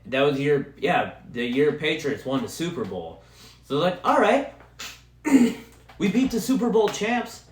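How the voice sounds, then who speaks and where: A young man hosting a podcast, ranting casually and profanely as an excitable sports fan. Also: a little high, a little slow, reverberant. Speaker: podcast host. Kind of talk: casual solo rant.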